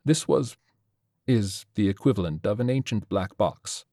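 Man playing secretive scientist, low quiet voice, measured, dry recording. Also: lively intonation, dry recording. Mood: grave.

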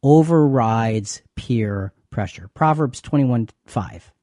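A man's voice: mid-range voice, animated, slow, warm tone, dry recording, clean studio sound. A man co-hosting a faith talk show, chatty and given to repeating words as he explains. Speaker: co-host.

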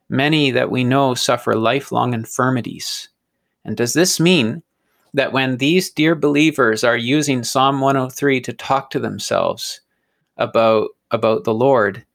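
A man's voice: mid-range voice, vocal fry, fairly bright tone. A man teaching from a psalm in an earnest, conversational way, sometimes stumbling over and repeating small words.

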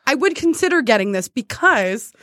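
A woman's voice: sits high, big pitch swings, normal speed, fairly bright tone, no room sound, clean studio sound. A young woman in casual chat as a co-host, chatty and rambling, laughing often and restarting her sentences.

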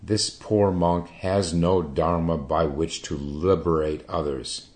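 A man voicing a calm old male Chan master with a dry wit, questioning in a measured, quietly pointed way. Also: low-pitched. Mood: humble.

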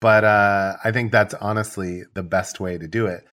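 Low-voiced man telling wedding shoot stories. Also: normal speed. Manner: relaxed, rambling storyteller who acts out his own dialogue. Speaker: wedding photographer. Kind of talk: casual podcast conversation.

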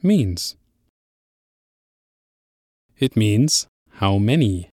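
Male lesson host, low-ish voice, dry studio read, patient and clear. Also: no room sound. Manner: clear, steady explaining, slows on key phrases. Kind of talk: language lesson presenting.

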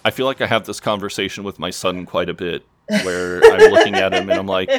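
A man in his thirties, casually retelling show scenes as a podcast co-host, slipping into quick character voices and laughing. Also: low voice, huge pitch swings. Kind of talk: casual recap chat.

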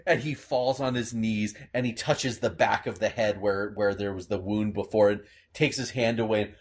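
A man voicing a heavyset man who cries and shouts with joy at a friend's return. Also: lowish voice, fairly even intonation, moderate pace, slightly rough. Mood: overjoyed sobbing. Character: emotional round man, overjoyed and sobbing.

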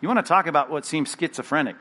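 Middle-aged male pastor, slightly high voice, animated conversational sermon delivery. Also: quick pace, slightly rough. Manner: animated, conversational preaching with acted asides.

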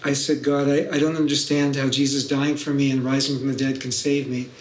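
A man's voice: medium pitch, flat delivery, brisk, reverberant, slight background noise, poor audio. A middle-aged man, a guest professor, recounting his story thoughtfully with dry humour. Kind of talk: podcast interview.

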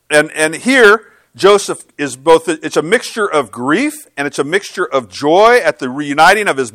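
Chatty pastor with a dry, close sound. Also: male voice, on the high side, a bit bright, dry recording. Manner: conversational, self-deprecating storytelling with many restarts. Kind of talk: sermon.

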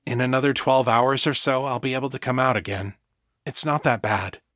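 A man voicing a tender, brave young man in an audiobook, speaking softly and reassuringly. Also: medium pitch, fairly quick, dry recording, clean studio sound, natural voice.

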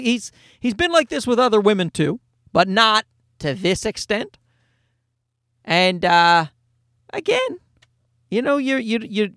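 His voice sits high with a fairly bright tone as this forty-year-old man rambles through wry, funny stories in a laid-back monologue, swearing at times. No room sound intrudes on the studio-quality audio.

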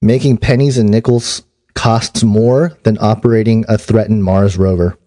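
A man's voice: lowish voice, steady tone, normal speed, dark tone. A man co-hosting a talk show, reading news items in a dry, matter-of-fact way. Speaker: podcast co-host.

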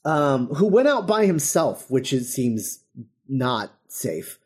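A man's voice: medium pitch, very animated, slow pace, a little mellow, husky. A man hosting a podcast, recapping a TV episode in a rambling, casual way with many restarts. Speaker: podcast host.

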